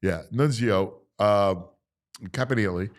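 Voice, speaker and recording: A man's voice: fairly low pitch, slow. A man hosting a casual sports talk show, chatting loosely and laughing often. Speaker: radio show host.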